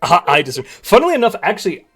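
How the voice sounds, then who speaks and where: A man co-hosting a podcast interview, animated and quick to laugh. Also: high voice, slightly rough, faint music behind. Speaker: co-host. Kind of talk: casual interview chat.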